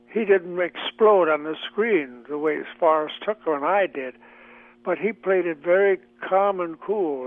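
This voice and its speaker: An older man, a veteran comic actor, reminiscing in a chatty, halting way in a radio interview. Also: a little high. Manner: chatty, halting with many fillers. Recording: tinny phone line.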